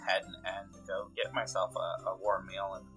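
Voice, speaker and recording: A man's voice: sits low, flat delivery, moderate pace, fairly bright tone, soft background music, rough recording. A man voicing an easygoing, chatty bard. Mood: relaxed. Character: cheerful wandering bard.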